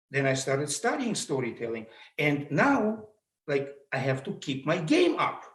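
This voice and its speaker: A middle-aged man with a Russian accent giving an animated motivational talk, acting out the voices he quotes. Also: on the high side, unhurried, roomy sound. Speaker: motivational speaker. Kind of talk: public speaking talk.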